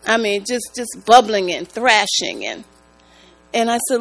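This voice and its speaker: Slow, gravelly woman giving church testimony. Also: on the high side, soft background music, poor audio. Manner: slow, halting, emotional, prone to rising excitement. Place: church sanctuary. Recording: mains hum in the background.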